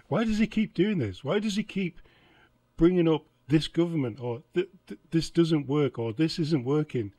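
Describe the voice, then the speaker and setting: Exasperated man, dark and dry sound. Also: on the high side, moderate pace, no echo. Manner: exasperated, sarcastic, laughs often. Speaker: reaction channel host. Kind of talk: commentary reacting to clips.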